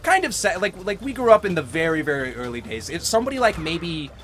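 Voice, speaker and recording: Lively, bright-voiced man rambling through a game. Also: fairly high pitch, quick pace. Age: middle-aged. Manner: rambling storyteller, laughs often. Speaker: gaming host. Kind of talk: casual let's-play chat.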